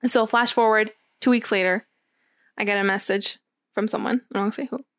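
A young woman casually telling a long personal story, acting out what was said with lively quoting. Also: mid-range voice, a little fast, dry recording, clean studio sound. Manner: animated storytelling, acts out quotes. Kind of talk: casual chat.

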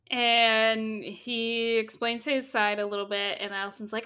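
A woman casually retelling a film's plot as a podcast co-host, lively and swearing freely. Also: a little high, takes it slowly, clean tone. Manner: animated storytelling, swears freely. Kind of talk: casual chat recapping a film.

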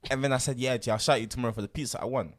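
A young man, co-hosting a podcast and telling stories in animated, slangy banter. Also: medium pitch, slight background noise. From Ivorian family. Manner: animated storytelling, London slang. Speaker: podcast co-host. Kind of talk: casual banter.

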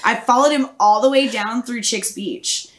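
Young woman on a podcast, swears a lot, tells stories all worked up, kinda high voice. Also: normal speed. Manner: profane, animated storytelling. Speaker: podcast co-host. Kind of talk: casual chat.

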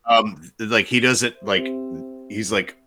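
A man joins a casual podcast chat, enthusiastic and full of praise for others. He speaks very slowly with a bright, forceful tone. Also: on the low side, steady tone, soft background music.

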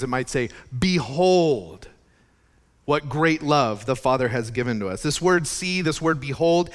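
A male pastor gives a sermon in a relaxed, conversational way, often restarting his phrases and turning to the listeners with asides. His voice sits a little higher than most men's. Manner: conversational, chatty preaching with restarts.

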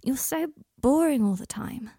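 A woman's voice: high-pitched, expressive, measured pace, mellow, breathy edge, no room sound, clean studio sound, voice pushed up, full character voice. A woman voicing a drunk, needy teenage girl in a storybook reading, pouting and sing-song. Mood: tipsy. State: tipsy.

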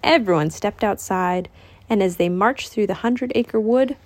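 A woman reading a children's picture book aloud as host of a reading channel, in an expressive, lilting voice. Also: mid-range voice, measured pace.

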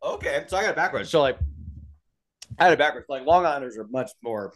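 Young guy cohosting a pod, kinda high voice, hyped and swearing a lot. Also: quick pace. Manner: animated, swears freely, laughs often. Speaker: podcast co-host. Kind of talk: casual chat.

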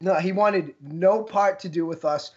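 Young man, podcast co-host, higher-pitched, casual storytelling, dull lo-fi sound. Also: measured pace, darkish tone. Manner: storytelling, laughs while talking. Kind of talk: casual chat.

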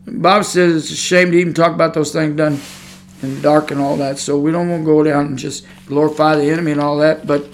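A man's voice: on the high side, little pitch movement, a little fast, a little hiss or hum. A man preaching a sermon on his podcast, talking in a fired-up, conversational way and repeating his points.

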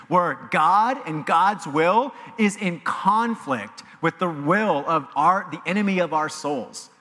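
A man delivers a sermon from the pulpit in an animated, emphatic way. His voice sits a little high and bright, rising and falling widely. The church sanctuary leaves a long reverb trailing behind him. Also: unhurried, hardly any pauses. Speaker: pastor. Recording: long reverb of a large hall.

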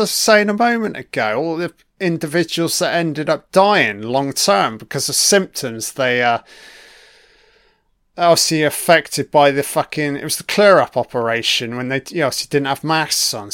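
A man's voice: fairly high pitch, fairly bright tone, dry recording, studio quality. A man giving casual reaction commentary over an old broadcast, blunt and heavy on swearing, thinking aloud as he goes.

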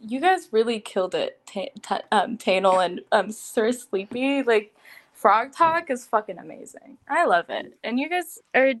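A woman's voice: fairly high pitch, expressive, a little slow. Giggly, gushing woman in a chat. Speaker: guest. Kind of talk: casual group audio chat.

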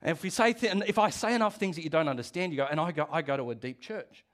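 A middle-aged man preaching a sermon as pastor, animated and conversational, with asides and restarts. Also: on the high side, racing.

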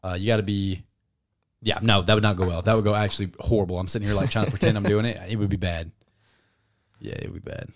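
A man's voice: on the low side, fairly even intonation, fast, no echo, studio quality. A man co-hosting a sports podcast, talking in blunt, profane casual banter. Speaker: podcast co-host.

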